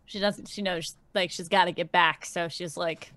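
Woman player at a tabletop game, bright tense tone, casual and giggly. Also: on the low side, steady tone, moderate pace, no room sound. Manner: casual, giggly chat about her character.

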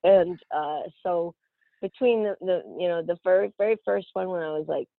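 A woman from Australia, an actress, telling stories in an animated interview and often laughing. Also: lowish voice, moderate pace, creaky, dry recording. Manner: animated, laughing, quotes other voices. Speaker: actress guest. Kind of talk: casual interview storytelling. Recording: tinny phone-like line, dry.

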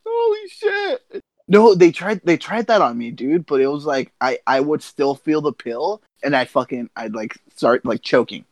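A young man co-hosting a podcast in casual chat, animated and swearing as he tells stories. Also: medium pitch, moderate pace, hardly any pauses, no echo. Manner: animated storyteller, swears a lot, laughs through stories. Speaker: podcast co-host.

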